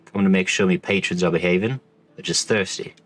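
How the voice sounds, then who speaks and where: A man voicing a rough, slangy tavern keeper in a game, with a put-on accent. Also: low voice, fairly even intonation, fairly quick. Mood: mocking. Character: rough salty male tavern keeper, middle-aged. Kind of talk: reading game dialogue aloud in voices.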